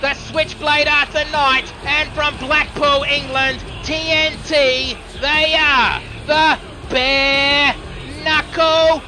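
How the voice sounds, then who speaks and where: A man doing a booming wrestling ring announcer. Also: little pitch movement, crowd noise, background noise. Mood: grandiose. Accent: Australian. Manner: drawn-out, bellowing introductions.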